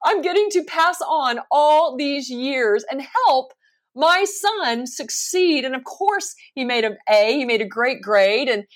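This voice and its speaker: Her voice sits high and animated at a slow pace: she is a woman in her forties, a professional speaker, guesting on a casual interview. She speaks emphatically and laughs often.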